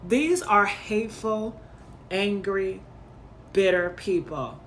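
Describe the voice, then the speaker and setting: A woman's voice: mid-range voice, slow pace, a little hiss or hum. A woman hosting a commentary channel, reacting to clips in an indignant, emphatic way and repeating her points.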